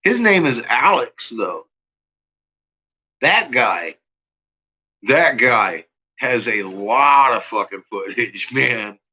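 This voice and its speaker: A man's voice: mid-range voice, sing-song, slow, pauses often, sharp tone, husky, dull audio. A man hosting a casual livestream chat, rambling, swearing freely and laughing often. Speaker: channel host.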